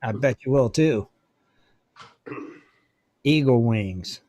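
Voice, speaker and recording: A man's voice: mid-range voice, animated, extremely slow, dark tone. A man co-hosting a casual radio show, chiming in with short reactions and jokes. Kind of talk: casual chat.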